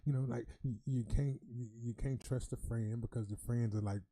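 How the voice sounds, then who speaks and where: A man co-hosting a podcast in a studio, talking in emotional bursts that get loud when he tells stories. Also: medium pitch, fairly even intonation, moderate pace, no room sound. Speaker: podcast co-host. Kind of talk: casual podcast chat. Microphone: studio mic.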